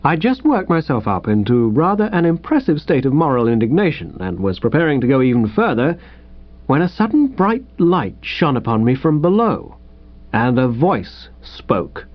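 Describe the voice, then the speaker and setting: A man reading a comic story in the first person, playful and animated, on a dull lo-fi recording. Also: fairly high pitch, moderate pace. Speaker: audiobook reader.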